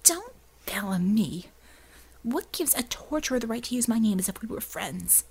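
A furious, righteous young woman, as an audiobook reader puts her on, who hisses her lines with clipped scorn. The voice sounds husky and airy, rising sharply in pitch. It is an audiobook character voice. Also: big pitch swings, moderate pace, a little mellow, full character voice, rough recording.

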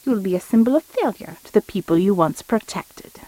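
A woman's voice: mid-range voice, expressive, fairly quick, warm tone, no echo, natural voice, poor audio. Woman doing a cold German-accented male shapeshifter. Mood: gloating. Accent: clipped German. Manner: icy, threatening.

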